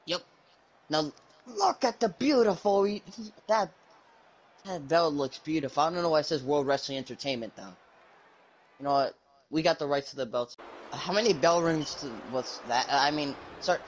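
High-voiced excitable male commentator. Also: normal speed, long pauses, poor audio. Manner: jokey, bursts into high yelps when surprised. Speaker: host and commentator.

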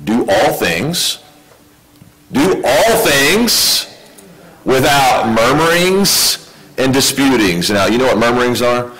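A man's voice: mid-range voice, lively intonation, a little slow, fairly bright tone, poor audio. A male pastor preaching a sermon in a conversational way, often asking his congregation questions. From United States.

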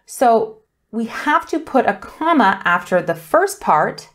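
A woman teaching an English punctuation lesson, explaining rules clearly and deliberately while reading example sentences aloud. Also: on the high side, sing-song, fairly bright tone. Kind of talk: grammar lesson.

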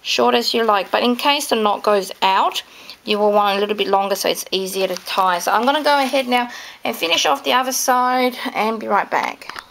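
Chatty and full of fillers, a mother explains how to sew in a relaxed home tutorial and raves about the dolls she made. She talks a little fast in a slightly high, creaky, fairly bright voice, with a little hiss or hum in the background.

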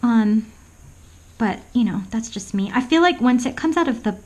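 The poor audio captures a woman whose voice is a little high and darkish in tone, animated and at normal speed. As an art vlogger demonstrating a painting, she chats casually, rambling and hesitating with many ums, often whispering and laughing at her own jokes.

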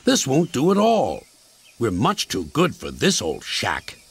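A man's voice: medium pitch, wildly swooping pitch, a little slow, husky, voice pushed up, full character voice. A man voicing a haughty, grumpy male steam engine in a snooty, complaining manner. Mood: haughty sulky. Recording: music playing loudly behind.

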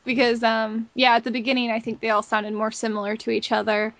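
A woman's voice: on the high side, monotone, brisk, fairly bright tone, dry recording. A woman guest in a casual interview, easygoing and wry, who laughs often. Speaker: guest, comedy voice actor.

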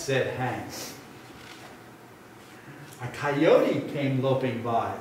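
A man leading a children's message at a church service, speaking gently and playfully to a young child and telling a story. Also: fairly high pitch, unhurried, recorded from a distance, a little hiss or hum. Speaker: pastor. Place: church sanctuary. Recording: echoey sanctuary, mic from afar.

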